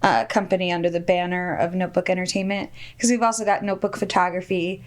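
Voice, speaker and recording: A woman's voice: on the low side, little pitch movement, fast. Chatty woman chiming in, laughing easily. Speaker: guest, published author. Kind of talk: casual podcast chat.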